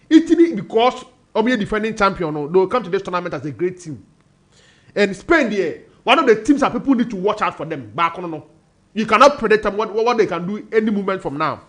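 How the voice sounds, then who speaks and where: A Ghanaian man gives radio football analysis in a high voice. He mixes Twi and English, rattling off team names in quick bursts. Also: expressive, fairly bright tone. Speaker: sports panellist.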